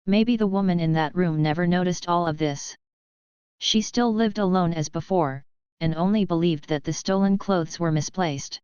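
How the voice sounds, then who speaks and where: A woman reading a novel aloud as an audiobook narrator, in an even, measured way. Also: lowish voice, clean tone, dry recording, dull audio. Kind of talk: scripted narration.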